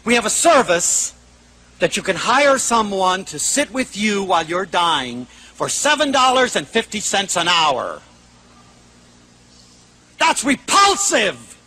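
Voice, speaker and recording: Animated older man, high lively voice. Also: slow. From United States. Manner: animated, acts out quoted voices, shouts for emphasis. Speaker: lecturer. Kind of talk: lively motivational lecture with anecdotes.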